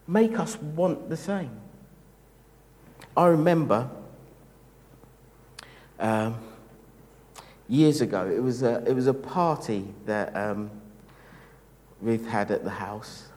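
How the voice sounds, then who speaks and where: A man preaching a sermon in a gentle, reflective, unhurried way. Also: fairly high pitch, long reverb tail, poor audio.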